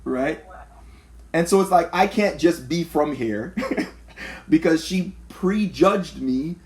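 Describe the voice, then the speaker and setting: A man's voice: on the high side, takes it slowly. A man from Canada, a pastor, talking in a church conversation and acting out the people in his stories. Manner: animated storyteller, acts out quotes.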